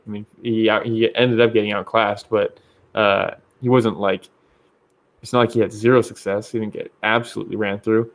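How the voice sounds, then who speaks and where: A man's voice: on the low side, flat delivery, normal speed. Profane laughing man talking fights. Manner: loose, profane, laughs often. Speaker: podcast co-host. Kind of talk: casual fight-talk podcast.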